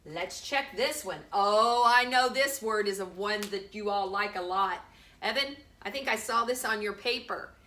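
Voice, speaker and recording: Preschool teacher, woman, middle-aged: unhurried delivery, crisp bright tone, drawn-out letter sounds. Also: mid-range voice. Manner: slow, sounding out letters for small children. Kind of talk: home preschool lesson.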